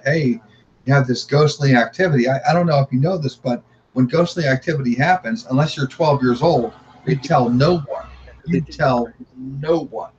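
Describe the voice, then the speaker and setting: A man's voice: medium pitch, dull audio, a little hiss or hum. A man, a podcast guest, earnestly telling a personal story in conversation and often repeating his words as he goes.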